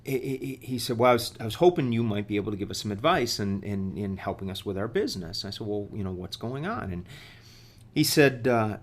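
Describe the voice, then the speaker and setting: Middle-aged male podcast guest, low-pitched, rambling anecdote full of restarts. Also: lively intonation. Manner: halting, many fillers and repeated words. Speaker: guest executive. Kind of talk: storytelling in a podcast interview.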